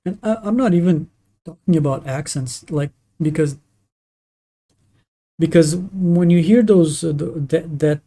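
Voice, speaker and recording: This live streamer, a native Portuguese speaker, chats casually while gaming, sharing opinions in a halting way and restarting often. His voice sits at a medium pitch and sounds mellow.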